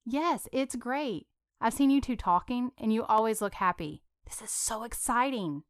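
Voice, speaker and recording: A woman voicing an excitable, caring young woman friend who talks emphatically, in a storybook reading. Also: a little high, normal speed, no room sound, clean studio sound, voice pushed up, close to an everyday voice.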